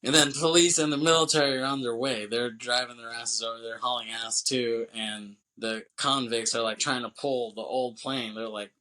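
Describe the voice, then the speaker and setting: A podcast co-host with a mid-range, bright, forceful voice recaps a movie's plot at normal speed with fairly even intonation and hardly any pauses. The casual retelling rambles loosely, full of free swearing and frequent laughter.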